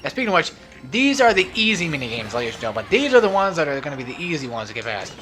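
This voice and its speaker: Young guy hosting a let's play, talks nonstop, bright, slightly high voice. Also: big pitch swings, rapid-fire. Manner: rambling, chatty and self-mocking. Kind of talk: casual gameplay commentary. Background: faint game music.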